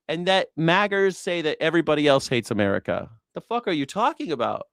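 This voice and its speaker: A man hosting a livestream, delivering a heated commentary rant in profane, repetitive tirades that rise into shouting. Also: fairly high pitch, animated, fairly quick, hardly any pauses, no echo, studio quality. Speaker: livestream host.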